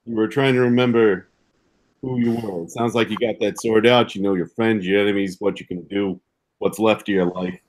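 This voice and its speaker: A man's voice: lowish voice, fairly even intonation, normal speed, lightly acted. Man doing a slangy street-tough fixer. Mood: conspiratorial. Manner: gruff slangy street talk, ain't and gonna. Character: streetwise male gutter fixer addressing the crew.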